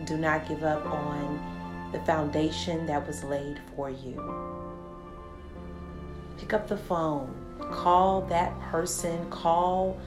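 A woman podcast host guiding a slow, soothing meditation with affirmations, then giving the show's closing. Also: low voice, fairly even intonation, music in the background. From Texas. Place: studio with a live audience.

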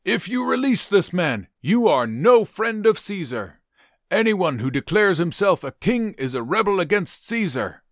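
A man voicing angry male temple leaders who shout loudly and draw out their demands. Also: medium pitch, sing-song, no echo, clean studio sound, pitched above the performer's own voice, heavily acted. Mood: furious. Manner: loud, drawn-out shouting.

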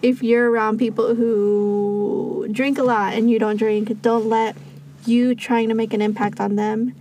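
Young woman, podcast co-host, fairly high voice, giggly with quick asides. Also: flat delivery, dark tone, a little hiss or hum. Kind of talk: casual faith podcast chat.

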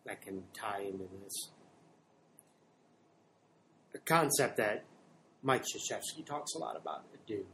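Low-voiced man asking halting questions. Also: lively intonation, gravelly, fairly bright tone, slight background noise, poor audio. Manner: halting, restarts while framing questions. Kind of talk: conversational questions.

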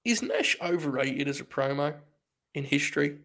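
A man with a gravelly, slightly higher voice, hosting a casual podcast chat. He talks animatedly and swears freely. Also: lively intonation, moderate pace, fairly bright tone. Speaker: podcast host.

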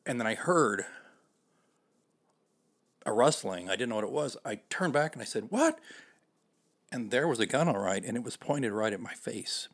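A man's voice: mid-range voice, moderate pace, long pauses. A man hosting a podcast, telling a personal story in a conversational, self-deprecating way with frequent fillers. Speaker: podcast host.

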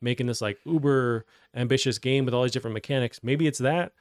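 A man's voice: medium pitch, quick pace, no room sound. A man hosting a gaming news show, talking in a loose, rambling way with many fillers. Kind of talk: casual gaming news chat.

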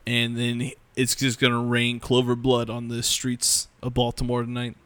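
A man co-hosting a podcast in casual chat, excitedly rambling and swearing. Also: medium pitch, moderate pace, clear, resonant tone, no echo. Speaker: podcast co-host.

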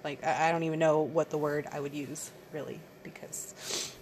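A woman's voice: sits low, level tone, moderate pace, a little mellow, a little hiss or hum. A woman in her thirties talking candidly in a rambling casual monologue, swearing freely, as the podcast host. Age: 30s.

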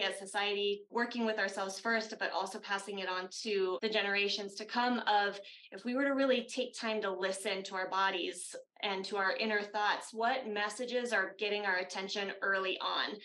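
A woman who works as a wellness coach, speaking in a gentle, earnest way on a video call panel. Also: mid-range voice, steady tone, normal speed, a little hiss or hum, low-quality recording. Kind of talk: reflective panel talk.

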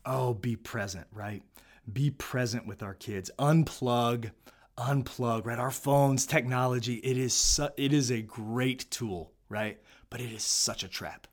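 A man's voice: mid-range voice, measured pace. Earnest man giving a fatherhood talk. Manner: earnest, repeats key phrases, often adds "right?". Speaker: speaker on fatherhood. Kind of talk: motivational talk.

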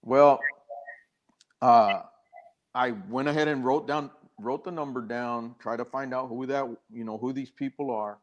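A man's voice: medium pitch, steady tone, a little slow, dull audio. An older man, a guest in an interview, earnestly telling a personal story with many restarts and acted-out quoted dialogue.

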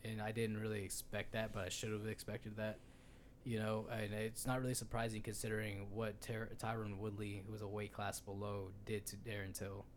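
A man's voice: fairly low pitch, level tone, fairly quick, slight background noise. A man co-hosting a casual sports podcast, rambling and swearing freely with lots of fillers. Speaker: podcast co-host.

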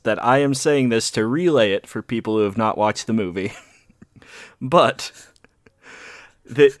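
A man's voice: mid-range voice, no room sound. Man, podcast co-host, casual and chuckling, dry close sound. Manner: laughs often while telling stories. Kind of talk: casual chat.

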